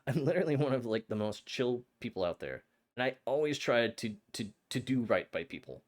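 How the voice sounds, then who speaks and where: A young man streaming a game, chatting to his viewers in an excitable, flustered way with frequent stammers. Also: medium pitch, a little fast. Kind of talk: casual live-stream chat.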